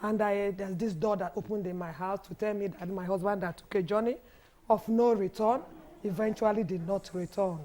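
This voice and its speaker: A woman in her fifties with a Nigerian English accent and a hoarse voice, telling her personal story haltingly as a guest on a TV panel. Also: medium pitch, steady tone, dark tone, a little hiss or hum. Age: 50s. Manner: halting, restarts and repeats as she recalls. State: hoarse, has lost her voice. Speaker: guest, widows' foundation founder.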